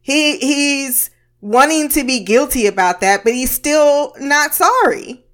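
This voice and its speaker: A woman's voice: sits high, lively intonation, takes it slowly, fairly bright tone, a little hiss or hum. A woman giving a casual, blunt recap of a TV episode, swearing freely and laughing often between remarks. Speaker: TV episode reviewer.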